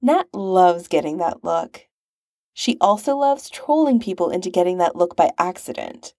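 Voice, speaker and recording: A woman reads a story aloud in a wry, expressive narrating style. Her voice is warm and dark, recorded close and dry. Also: fairly low pitch, normal speed, no echo. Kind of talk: reading fan fiction aloud.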